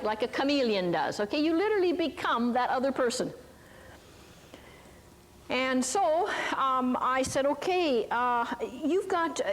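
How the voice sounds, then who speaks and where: A woman's voice: high-pitched, long reverb tail. An older woman teaching a Christian ministry talk, telling stories in a chatty, folksy way with many asides and questions to her listeners. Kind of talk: sermon with storytelling. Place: hall before a live audience.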